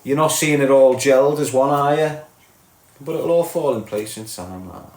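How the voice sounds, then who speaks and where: A man's voice: mid-range voice, normal speed, darkish tone. Blunt sweary Scouse man, roomy echo. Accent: Liverpool (Scouse). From Liverpool, England. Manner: blunt, sweary, mocking, tags lines with "lad" and "mate". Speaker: live-stream host. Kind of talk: ranting live-stream chat with viewers.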